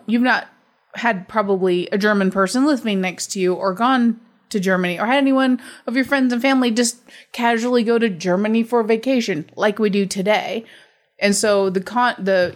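A woman co-hosting a casual movie review, dry and teasing with wry asides. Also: mid-range voice. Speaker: podcast co-host.

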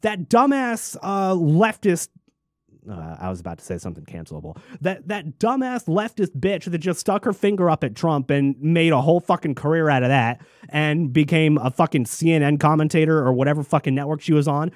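A man in a furious, profanity-laden political rant, heaping scorn on his targets. His voice sits a little high. The sound is dry and close, with no room around it. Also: a little fast, few pauses, no echo. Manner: angry, profane, mocking mimicry. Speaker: commentator. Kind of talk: ranting political commentary.

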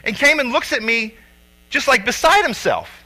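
A man in his thirties, a father and youth coach, telling a personal story with lively acted-out quotes. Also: very high voice, moderate pace, rough recording. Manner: animated storyteller acting out quotes loudly.

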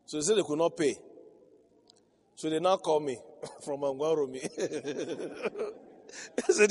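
A man's voice: fairly high pitch, measured pace, long pauses, darkish tone, slight background noise. A man preaching a sermon as a pastor, telling stories with frequent laughter and building to emphatic peaks. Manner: storytelling, laughing often, rising to emphatic crescendos. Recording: reverberant hall.

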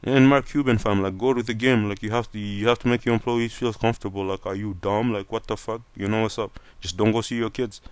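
A man's voice: fairly low pitch, steady tone, fast talker, few pauses, clear, resonant tone, no echo. A young man from Canada talking in a casual opinion rant, blunt and profane, full of "like" and "fam".

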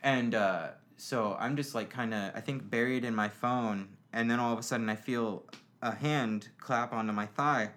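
A man's voice: medium pitch, moderate pace, fairly bright tone. A young man telling stories on a podcast as a guest, rambling, swearing, with lots of fillers. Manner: rambling, profane, many fillers. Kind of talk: casual storytelling chat.

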